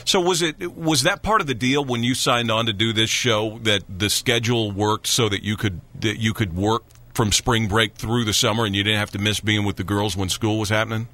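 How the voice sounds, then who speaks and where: Male radio host, low bright voice, chatty questions with restarts. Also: normal speed, hardly any pauses. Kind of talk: casual radio interview.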